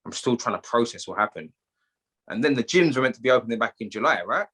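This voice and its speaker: A British man with a London accent tells a personal story as a podcast guest, animated and full of street slang. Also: medium pitch, fast, slightly rough. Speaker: guest, gym owner.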